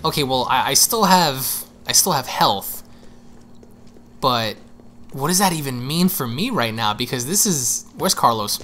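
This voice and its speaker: A young man giving excitable, panicky let's play commentary, repeating himself as he goes. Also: medium pitch, unhurried, slight background noise. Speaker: gaming streamer.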